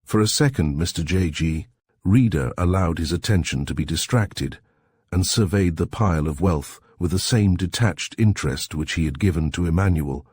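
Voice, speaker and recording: A man reading a story aloud in measured, even narration. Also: low-pitched, slightly rough, dry recording. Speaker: audiobook reader. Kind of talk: scripted narration.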